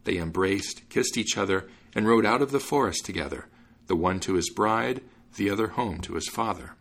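A man hosting a podcast, narrating a fairy tale in an expressive reading voice. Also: lowish voice, moderate pace, creaky. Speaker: podcast host and reader. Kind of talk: storybook narration.

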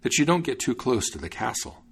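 A man's voice: medium pitch, sing-song, brisk, gravelly, slightly rough, exaggerated voice. A man voicing an anxious young suitor.

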